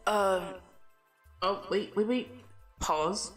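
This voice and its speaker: A young woman chats on her livestream in an easygoing, meandering way. She keeps circling back with "like" and false starts and breaks into laughter often. Soft music plays faintly in the background. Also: fairly low pitch, takes it slowly. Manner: rambling, full of "like" and restarts, laughing often. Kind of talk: casual chat storytelling.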